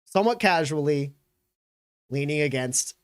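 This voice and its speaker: A man narrating a tabletop game as game master, in a loose, halting way with many fillers. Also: fairly high pitch, expressive, clean tone, dry recording, studio quality.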